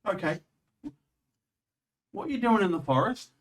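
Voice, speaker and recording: A man's voice: sits high, big pitch swings, moderate pace, far from the mic, voice pushed up. A man voicing a young female town guard on duty, in his own plain voice without trying to sound female. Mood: wary.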